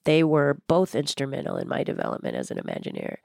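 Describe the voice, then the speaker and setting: An older woman being interviewed, talking in a passionate, blunt and animated way. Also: rumbling low, fast talker, gravelly, no echo, studio quality. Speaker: guest, former theme park designer. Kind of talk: candid interview conversation.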